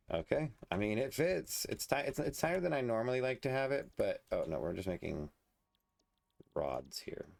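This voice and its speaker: Low gravelly man thinking aloud. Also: a little mellow. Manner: muttering, thinking aloud while building. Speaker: let's play host. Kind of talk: casual gameplay commentary.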